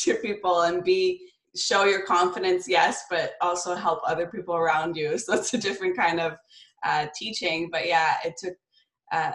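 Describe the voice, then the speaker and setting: A woman's voice: on the low side, a bit bright. A woman telling earnest personal stories in casual conversation, often restarting her sentences. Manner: earnest, storytelling, frequent restarts. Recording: echoey room.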